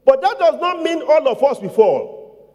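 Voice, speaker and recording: A male pastor preaching a sermon in call-and-response style, with repeated questions to the congregation and loud emphatic declarations. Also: very high voice, very animated, unhurried. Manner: call-and-response preaching, repetitive, rising to shouts. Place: church. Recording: long church hall reverb.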